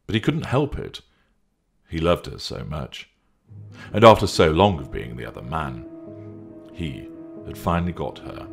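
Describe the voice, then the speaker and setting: Deep, gravelly male narrator. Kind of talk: scripted story narration.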